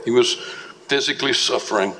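A man preaching a sermon as pastor, slow and emphatic, with dramatic swings in pitch. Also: bright, forceful tone. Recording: long reverb of a large hall.

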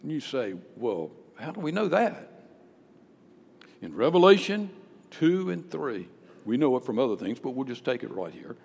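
A man preaching a sermon as pastor, emphatic, climbing to loud peaks on key phrases. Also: medium pitch, very animated, moderate pace, creaky. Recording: long hall reverb.

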